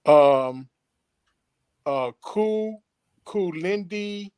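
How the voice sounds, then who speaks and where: Nervous guy in an online class, real slow and unsure, clear dry voice, lots of ums. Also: high-pitched, lively intonation, darkish tone, dry recording. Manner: hesitant, nervous, lots of ums and self-corrections. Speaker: student. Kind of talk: language lesson practice.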